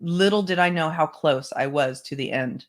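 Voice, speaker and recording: Measured memoir reading by a book club host. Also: medium pitch. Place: home setup, online stream.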